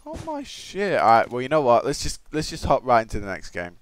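An excitable Australian gaming commentator talks fast, cursing and swinging between shouted outbursts and low muttering. His voice has a clean tone.

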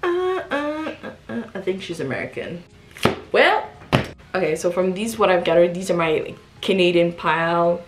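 A woman vlogger chatting casually through a book haul, reading back covers aloud and reacting with quick exclamations. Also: fairly low pitch, background noise.

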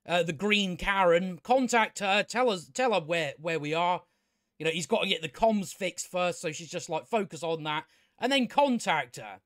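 A man with a high voice rants his way through a show review, stumbling over and repeating his words as he goes. He swears freely and sounds scornful. The sound is dry and close, with no room around it. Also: a bit bright, dry recording. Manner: stammers and repeats words often; profane and scornful. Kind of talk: casual ranting review.

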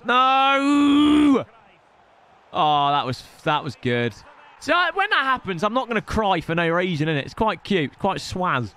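Here a young man streams his gameplay with excitable commentary, taunting his opponent and yelling when big moments hit. He talks at a normal speed in a voice on the high side.

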